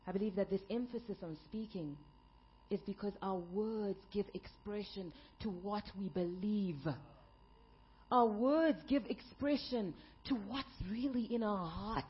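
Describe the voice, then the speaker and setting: A woman pastor delivering an emphatic sermon, building up to shouted peaks. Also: mid-range voice, a little slow, muffled recording.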